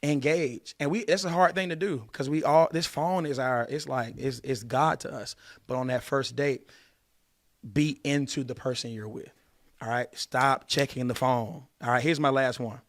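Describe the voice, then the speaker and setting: A man hosting a casual podcast, laying down dating rules with emphasis. He hammers his points home by repeating words over and over. His voice is mid-pitched and sounds dry and close to the mic. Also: steady tone, moderate pace, no room sound. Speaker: podcast host giving dating advice.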